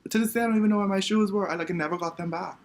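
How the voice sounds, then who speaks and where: This young Bahamian vlogger races through a story time monologue in a high voice with fairly even intonation. He dramatically tells a funny tale from his childhood, mocking himself along the way.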